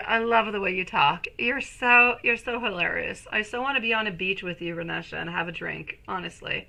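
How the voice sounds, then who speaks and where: A woman in her thirties doing a live tarot reading, soft and soothing, calling viewers sweetie and turning bubbly when she greets the chat. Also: medium pitch, normal speed, gravelly, low-quality recording. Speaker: tarot reader.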